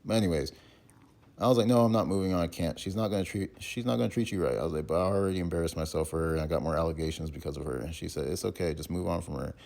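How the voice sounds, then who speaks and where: Very low gravelly young man, rambling. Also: darkish tone. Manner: rambling, halting, full of fillers and restarts. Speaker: content creator responding to allegations. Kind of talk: casual recounting while reading messages aloud.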